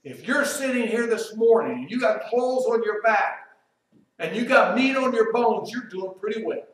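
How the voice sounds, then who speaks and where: A man preaching a sermon, turning loud and emphatic as he quotes, then dropping quiet and slow to reflect. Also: sits high, expressive. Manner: emphatic, rises loud when quoting Job, drops quiet and slow to reflect. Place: church sanctuary. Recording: very echoey room, voice from far off.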